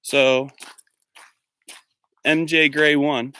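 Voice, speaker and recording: Bright-voiced chatty man rambling on a woodland walk. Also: a little high, very animated, a little slow, long pauses, slight background noise. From Pennsylvania. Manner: rambling, chatty, reads out viewer comments. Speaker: teacher and vlogger. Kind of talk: live-stream walking vlog. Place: outdoors, walking in the woods.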